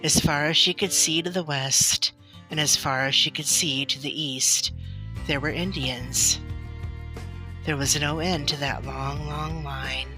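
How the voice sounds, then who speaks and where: A woman reading a children's novel aloud in a gentle, expressive storybook manner. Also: low-pitched, measured pace. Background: soft music.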